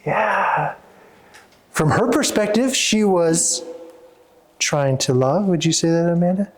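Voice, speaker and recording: A man, a therapist and coach, speaking earnestly to a small audience, halting with many restarts. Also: high voice.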